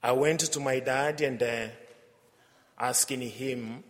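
A man's voice: medium pitch, steady tone, takes it slowly. A man with a Tanzanian accent, a visiting missionary priest giving a homily with an anecdotal, hesitant delivery. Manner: warm storytelling with frequent hesitations and laughs. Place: church. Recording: long church reverb.

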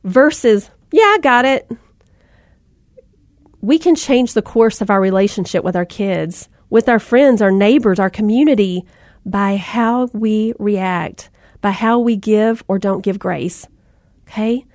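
A woman's voice: mid-range voice, a little slow, darkish tone, dry recording, studio quality. A woman in her thirties giving a folksy Christian talk to mothers, in a conversational style with asides and fillers. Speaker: Christian speaker. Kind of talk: faith-based talk to mothers.

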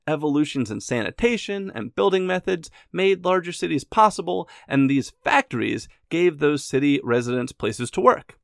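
A man's voice: high-pitched, vocal fry, a bit bright, no room sound, clean studio sound. A man narrating history in a scripted but conversational way, adding his own opinions and wry asides. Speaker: history podcast host.

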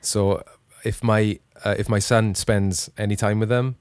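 A man co-hosting a podcast in casual chat, relaxed, asking prompting questions. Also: fairly low pitch, unhurried, clean tone, dry recording. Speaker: podcast co-host.

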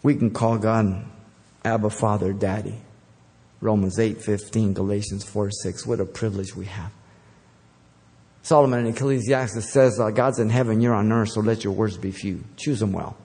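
A man's voice: lowish voice, steady tone, normal speed, darkish tone, in a large hall. A man preaching a conversational sermon as pastor, with filler words and self-corrections along the way.

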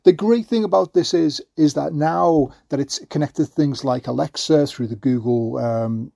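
Gravelly man rambling on his podcast. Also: a little high, moderate pace, warm tone, no room sound, studio quality. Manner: rambling, many fillers and restarts. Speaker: podcast host. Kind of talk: solo podcast monologue.

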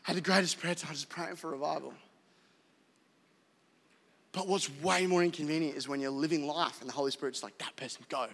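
A man preaching a sermon as pastor, joking and animated, with acted-out asides. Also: a little high, fairly quick, gravelly, pauses often, in a large hall. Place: church auditorium.

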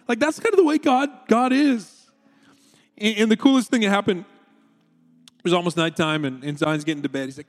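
Pastor, man, 30s, bright high register, animated sermon storyteller, long hall reverb. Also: moderate pace. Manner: storytelling, animated, quoting his kids with raised pitch.

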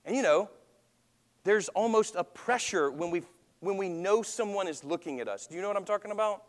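A man's voice: high voice, lively intonation, fairly quick, in a large hall. A man preaching a sermon as pastor, talking conversationally and asking the congregation questions.

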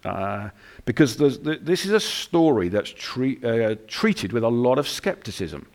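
A man's voice: mid-range voice, sing-song, unhurried, darkish tone. A male pastor preaching a sermon in a chatty, conversational way, full of restarts and acted-out asides.

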